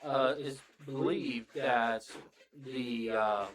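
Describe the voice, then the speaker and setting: A man's voice: mid-range voice, steady tone, drawn-out words, crowd noise, poor audio. Guy explaining stuff on a podcast, lots of uhs and ums, people chattering behind. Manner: explains at length with many fillers. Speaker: podcast guest. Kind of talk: casual chat.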